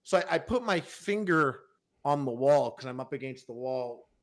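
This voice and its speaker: A man's voice: medium pitch, lively intonation, moderate pace. A young man in his twenties on a podcast, telling a long story in a rambling way full of fillers and restarts. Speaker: podcast host. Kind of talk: casual storytelling.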